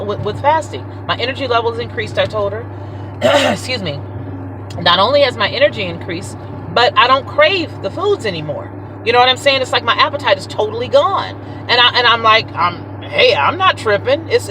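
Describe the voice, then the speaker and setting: A woman's voice: fairly high pitch, background noise. A middle-aged woman, telling a story as a vlogger, emphatic and exasperated, repeating words for effect. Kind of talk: animated storytelling rant. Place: parked car.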